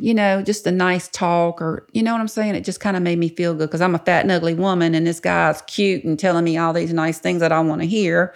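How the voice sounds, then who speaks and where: An older woman telling her story bluntly in an interview, swearing freely and acting out what others said. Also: deep voice. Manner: blunt, profane, quotes others in lively voices. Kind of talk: candid storytelling.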